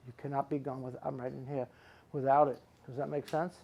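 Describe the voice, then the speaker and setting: A man's voice: mid-range voice, flat delivery, brisk, creaky, a little mellow, muffled recording, slight background noise. A middle-aged man, a psychic medium giving readings to a live audience, who rambles and repeats words for emphasis.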